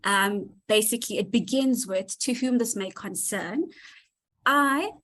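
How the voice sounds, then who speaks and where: A woman's voice: medium pitch, unhurried, fairly bright tone, poor audio. A woman speaking to her online community on a call, heartfelt and gushing, close to tears. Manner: heartfelt, gushing, thanks people by name. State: near tears. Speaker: community leader presenting to members. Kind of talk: emotional speech on a live community call.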